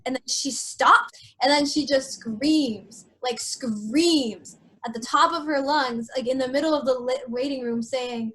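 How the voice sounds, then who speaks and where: A young woman on a podcast, telling a painful personal story in an emotional, halting way with many fillers. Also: high voice, a bit bright. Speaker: podcast host.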